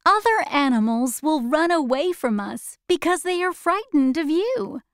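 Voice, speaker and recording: A woman's voice: sits high, big pitch swings, unhurried, dry recording, clean studio sound, voice pushed up. A woman voicing a brave young girl who stands up for her dog and speaks earnestly to her friends. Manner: scolding, then kind.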